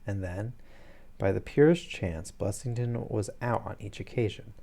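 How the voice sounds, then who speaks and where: A man voicing a sharp, cool-headed detective who lays out his reasoning crisply. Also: lowish voice, moderate pace.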